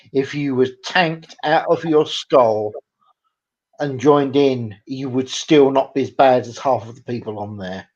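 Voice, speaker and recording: A man's voice: medium pitch, darkish tone. A man co-hosting a casual chat, dry and joking. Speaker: co-host. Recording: muffled lo-fi mic.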